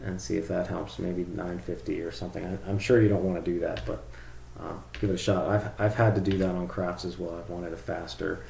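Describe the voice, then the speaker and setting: A man's voice: deep voice, little pitch movement, brisk, creaky, warm tone, reverberant, a little hiss or hum. A man casually talking through a screen-share tutorial, rambling and thinking aloud with fillers. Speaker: drone tuning reviewer.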